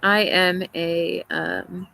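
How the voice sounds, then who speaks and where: A woman's voice: fairly low pitch, little pitch movement, extremely slow, gravelly, pushed and bright, a little hiss or hum, low-quality recording. A woman hosting a casual livestream, talking through viewer comments in an opinionated, chatty way and laughing often. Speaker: livestream host. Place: outdoors in a garden.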